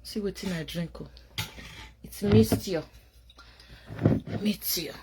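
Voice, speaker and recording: A Nigerian woman talks to her viewers late at night, drowsy and rambling as she sips wine. She speaks slowly and unhurriedly, drifting from loud asides down to sleepy murmurs, with a faint hiss underneath. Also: mid-range voice. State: tired, drinking wine. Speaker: vlogger. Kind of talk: late-night casual livestream chat.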